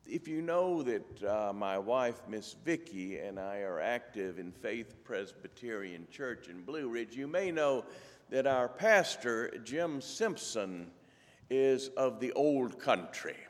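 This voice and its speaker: A man reads scripture aloud and then talks in a measured, deliberate way. He speaks very slowly at a middling pitch. His voice rings in a long hall reverb. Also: animated. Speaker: church lay speaker. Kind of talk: scripture reading and anecdote.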